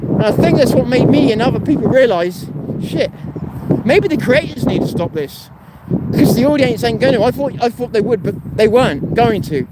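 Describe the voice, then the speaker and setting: A man's voice: very high-pitched, expressive, normal speed. A man hosting a casual live stream while walking outdoors, talking in a rambling, blunt way and swearing freely. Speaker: host. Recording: street noise and traffic behind.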